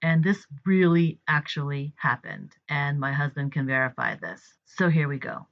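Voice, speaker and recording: Chatty woman telling a story, lo-fi. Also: sits low. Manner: chatty, fillers, acts out dialogue. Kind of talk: personal story told to camera. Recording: dull lo-fi recording.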